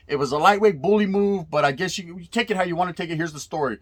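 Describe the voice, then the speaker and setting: A man's voice: sits high, fast, hardly any pauses. A man in his forties from California, casually telling stories in street slang with Spanish words mixed in and plenty of cursing. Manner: laid-back street slang with Spanish words mixed in, frequent profanity and "right?" tags. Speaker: storyteller recalling youth prison days. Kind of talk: casual storytelling.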